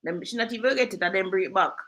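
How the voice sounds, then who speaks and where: A woman hosting a casual real estate chat, telling lively stories and slipping into patois. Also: mid-range voice, rapid-fire, poor audio. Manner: lively storyteller, drifts into patois. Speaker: real estate agent and host.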